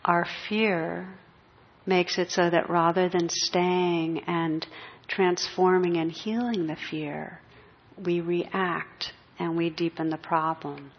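A woman giving a spiritual talk as a meditation teacher, speaking gently and reflectively with pauses. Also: on the low side, little pitch movement, husky. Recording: dull muffled recording.

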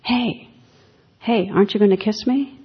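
A woman's voice: mid-range voice, unhurried, breathy edge, voice pushed up. A woman voicing a coaxing talking frog in a joke, heard in a dull, echoey hall. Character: talking frog promising to become a princess.

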